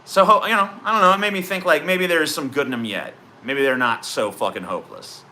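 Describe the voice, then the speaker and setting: A man's voice: on the high side, brisk, sharp tone, slight background noise. A man streaming live, chatting in a profane, sarcastic, rambling way as he answers his chat. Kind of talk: casual livestream chat.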